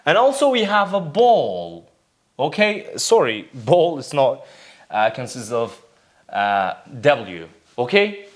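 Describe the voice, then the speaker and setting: A male English teacher with Kurdish as his first language walks through a grammar and pronunciation lesson at an unhurried pace. His pitch rises and falls a lot as he repeats words and asks the class questions. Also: big pitch swings.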